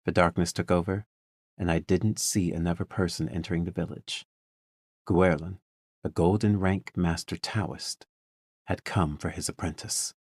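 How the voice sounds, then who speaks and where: Male narrator, very low register, measured first-person storytelling, dry sound. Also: steady tone, darkish tone, slightly rough, dry recording. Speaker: audiobook narrator.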